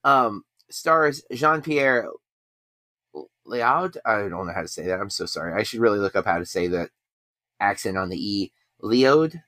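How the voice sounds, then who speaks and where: A man's voice: low voice, fairly quick, pushed and bright, no room sound, clean studio sound. A man hosting a podcast in casual chat, rambling and self-deprecating. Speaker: podcast host.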